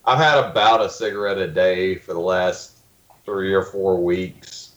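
Low-voiced joking man in an echoey room. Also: steady tone, measured pace, a bit bright, muffled recording. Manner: frank, profane, joking. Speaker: podcast guest. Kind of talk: casual chat.

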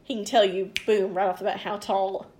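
A woman's voice: medium pitch, level tone, fairly quick, darkish tone. A woman in her forties tells a story in a loose, rambling way, with plenty of asides. She swears freely and acts out both sides of a conversation in her own voice. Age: 40s. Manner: rambling, loose, swears freely, quotes others in back-and-forth. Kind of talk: casual storytelling chat.

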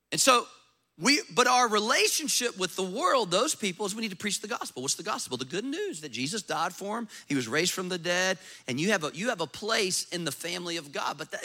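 A man, a pastor preaching a sermon in a church, acting out doubters' voices as he goes. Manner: animated preaching, acts out skeptics in a high voice.

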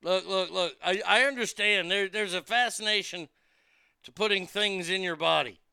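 A man's voice: sits high, normal speed, gravelly, bright, forceful tone, clean tone, no echo, studio quality. A man hosting a show, delivering a crude, mocking comedic monologue that rambles with restarts. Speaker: radio show host.

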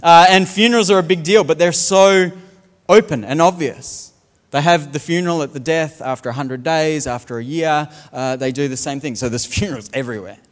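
A man's voice: fairly high pitch, a little fast, big-room sound. A man preaching a sermon as a pastor, telling funny stories and mimicking the way others speak. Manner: humorous storytelling, mimics accents.

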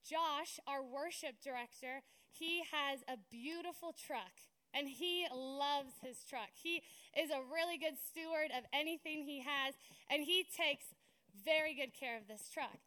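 A woman's voice: high-pitched, a little slow, sharp tone. A young woman preaching a sermon in a conversational, storytelling way, often checking in with "right?".

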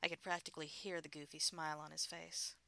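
A woman narrating a first-person erotic story in a soft, intimate murmur. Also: low voice, little pitch movement, fast talker, gravelly, no echo.

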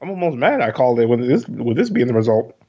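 A man's voice: medium pitch, sing-song, fast, mellow, slightly rough. A man chiming in with brief, wry remarks in a casual podcast chat. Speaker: podcast co-host. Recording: dull lo-fi mic.

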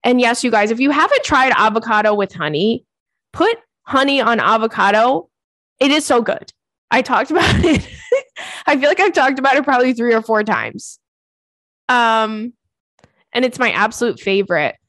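Young woman podcaster, bit high voice, dry close sound, swears a lot and laughs, super chatty. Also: sing-song, normal speed, fairly bright tone, no room sound. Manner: chatty, profane, laughs often, bursts into squeals. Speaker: podcast host. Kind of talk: casual chat and read ad.

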